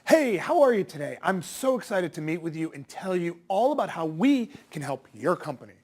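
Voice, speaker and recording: A man putting on the voice of an overeager, cheesy male salesperson, loud and gushing. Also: high-pitched, fairly quick. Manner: gushing, over-excited.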